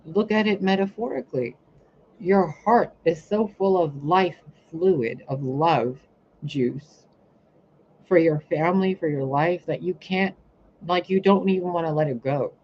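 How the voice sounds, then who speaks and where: A woman's voice: on the low side, unhurried, dull audio, a little hiss or hum. A woman, a spiritual reader and healer, ranting bluntly and profanely on her own live stream. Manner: blunt, profane, animated, acts out other people's lines. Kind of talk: casual live-stream rant.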